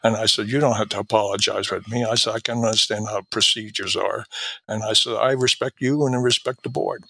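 A man's voice: lowish voice, fairly even intonation, a little fast, vocal fry, pushed and bright, breathy edge, no echo. An older man from Quebec, a guest in an interview, telling long anecdotes with many fillers and acting out quoted dialogue. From Quebec, Canada. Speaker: guest, retired drug agent. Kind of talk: storytelling interview.

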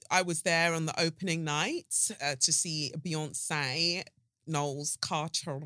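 A woman in her thirties hosting a podcast in casual, animated chat, laughing often. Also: on the low side, dry recording, clean studio sound. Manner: chatty, animated, laughs and breaks into song. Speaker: podcast host.

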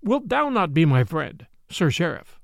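A proud knight brought low, read by a man who voices him, speaking in solemn, archaic phrases. His voice sits high and moves a lot, with a gravelly edge, recorded close and dry. It sounds like a classic storybook reading. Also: very animated, measured pace, dry recording, full character voice. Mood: pleading. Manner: solemn, pleading then stern. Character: proud wronged knight, older man, stern.

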